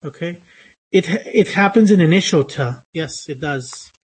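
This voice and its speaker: A man's voice: on the high side, unhurried, slightly rough. A man teaching English phonetics in a lecture, speaking with many hesitations, fillers and restarts. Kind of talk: online lecture.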